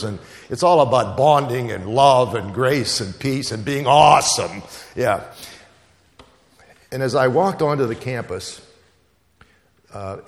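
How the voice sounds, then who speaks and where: A man's voice: medium pitch, vocal fry, in a large hall. A man preaching a sermon, telling stories and hammering home repeated phrases. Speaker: pastor.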